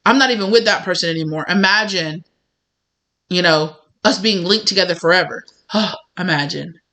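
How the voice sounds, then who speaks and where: A woman's voice: fairly low pitch, normal speed, sharp tone. A woman giving a spiritual tarot reading, talking in a rambling, conversational way full of fillers and little acted-out dialogues. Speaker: tarot reader.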